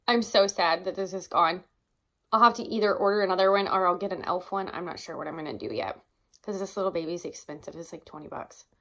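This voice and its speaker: Enthusiastic young female beauty vlogger, gushy and chatty, mid-range pitch. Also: a bit bright. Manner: gushing, enthusiastic, exclaims often. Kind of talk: casual product review.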